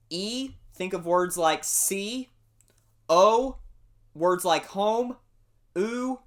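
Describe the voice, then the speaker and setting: A man teaching a singing warm-up lesson, explaining patiently and singing short demonstrations. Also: high voice. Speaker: music teacher.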